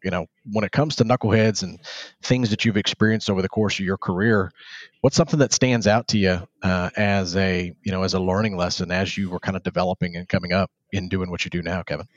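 A man's voice: deep voice, fairly even intonation, fairly quick, dry recording, dull audio. A man with a Texan accent hosting a podcast, chatting casually and poking fun at himself, rambling with restarts. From Texas. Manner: self-deprecating, rambling with restarts. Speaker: podcast host. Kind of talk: casual interview chat.

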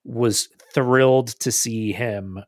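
A man's voice: medium pitch, steady tone, slow, no echo, clean studio sound. A man co-hosting a podcast, talking in an enthusiastic, casual way and often restarting his phrases. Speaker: podcast co-host. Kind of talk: casual chat.

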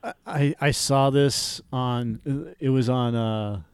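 A man co-hosting a casual podcast chat, swearing freely and ranting with animated energy. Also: medium pitch, slow pace, smooth, no echo. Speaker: podcast co-host.

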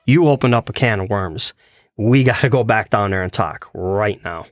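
A man with a fairly low voice tells a personal story in a relaxed, chatty way. He gets animated as he quotes what other people said. The sound is dry and close, with little room echo. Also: normal speed, faint music behind. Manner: animated, quoting others in his retelling. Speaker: guest telling a personal story. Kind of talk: casual storytelling.

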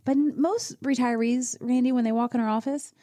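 A woman's voice: on the high side, fairly even intonation, brisk, mellow. A woman hosting a radio show as a financial advisor, coaching listeners in a direct, conversational way. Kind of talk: conversational radio advice talk.

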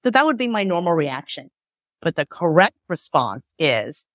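A woman's voice: low-pitched, very animated, moderate pace, a bit bright, no echo, studio quality. A woman divorce mediator in a conversational interview, explaining with acted-out examples and lots of "like" and "right?".

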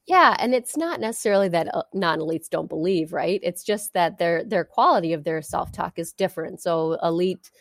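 A woman's voice: lowish voice, animated, moderate pace, few pauses, dry recording, studio quality. A middle-aged woman guest in an interview, telling an earnest story with many fillers and restarts. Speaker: interview guest, sport psychology coach.

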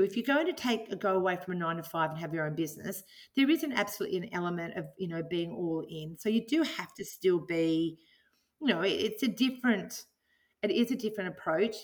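A middle-aged woman speaking as an interview guest, earnest and enthusiastic, reflecting on her business and her life. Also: lowish voice. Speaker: guest, business owner and author. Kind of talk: podcast interview.

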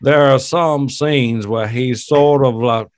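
A man co-hosting a podcast, talking about a film in casual chat, animated and mocking, laughing often. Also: medium pitch, slow. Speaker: podcast co-host. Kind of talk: casual movie review chat.

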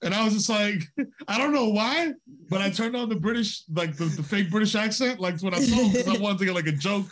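A man's voice: high voice, lively intonation, fairly quick, a bit bright. An American man, a comedian guest on a podcast, chatting and telling stories in loose slang full of "like" and "you know". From United States. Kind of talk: casual chat, storytelling.

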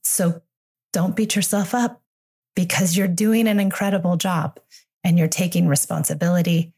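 Alone on her podcast, a parenting coach in her forties talks in a candid, confessional way, reassuring listeners throughout. Her slightly low voice is husky and darkish, with fairly even intonation and a moderate pace.

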